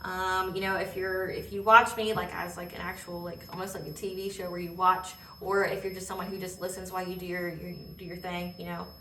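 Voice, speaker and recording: A woman talks through a tarot reading in a loose, rambling way, often stopping to ask "okay?" Her voice sits low but sounds bright and forceful. The mic is a little distant, so the room echo comes through. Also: level tone, fairly quick, few pauses, slight background noise. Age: adult. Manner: rambling, many fillers and "okay?" check-ins; laughs while telling stories. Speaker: tarot reader. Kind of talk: casual spiritual reading.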